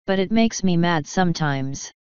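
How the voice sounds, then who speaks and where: A woman voicing an anxious, hesitant young male actor in an audiobook, speaking in a halting way. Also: lowish voice, lively intonation, darkish tone, clean tone, no echo, close to an everyday voice. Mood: frank. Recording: dull, dry lo-fi audio.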